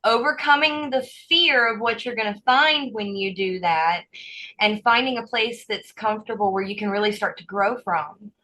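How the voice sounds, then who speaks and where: A woman hosting a podcast interview, asking her guest measured, thoughtful questions. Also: mid-range voice, sharp tone, poor audio. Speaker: podcast host.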